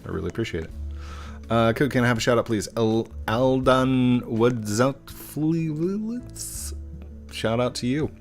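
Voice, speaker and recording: Speaking quickly in a creaky, mid-range voice, this middle-aged man hosts a laid-back game stream. He's goofy and talkative as he reads out questions from viewers and fumbles the usernames, with soft guitar music in the background.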